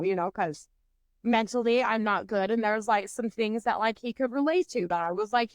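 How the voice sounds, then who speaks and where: A woman in her twenties, co-hosting a podcast, telling a story in an animated, profane way with lots of fillers. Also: medium pitch, moderate pace, dry recording. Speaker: podcast co-host. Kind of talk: casual storytelling chat.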